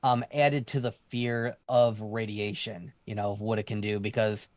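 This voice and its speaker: A man's voice: on the low side, flat delivery, moderate pace, no echo. A man co-hosting a casual podcast chat, explaining things at length with plenty of fillers. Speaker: podcast co-host.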